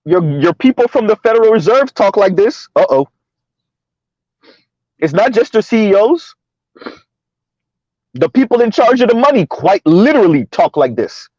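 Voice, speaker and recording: Chuckling high-voiced man ranting casually. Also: big pitch swings, normal speed, long pauses, darkish tone, dry recording. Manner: chuckles often, keeps asking "right?". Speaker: host, social commentator. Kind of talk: casual commentary vlog. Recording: dull lo-fi recording, dry.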